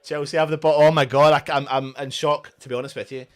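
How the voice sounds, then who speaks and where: A man's voice: a little high, level tone, quick pace. A man hosting a live fan watchalong of a football match, commentating on the play as it happens and cheering his team. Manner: shouting, chanting, celebrating goals.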